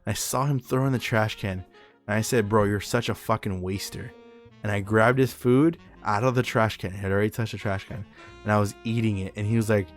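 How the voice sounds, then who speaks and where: A young man hosting a casual podcast chat, telling animated stories in slangy, profane talk. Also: on the low side, a little fast, soft background music. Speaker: podcast host.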